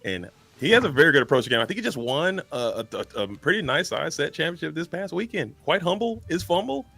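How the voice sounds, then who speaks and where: A man casting a live card game, excitable and animated as he banters with the others. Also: a little high, fast talker, vocal fry, no echo. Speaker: caster.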